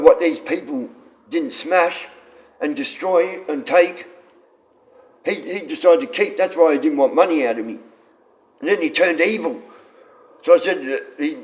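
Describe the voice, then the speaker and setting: A man's voice: fairly high pitch, poor audio. A man chatting casually on a livestream, rambling and swearing freely.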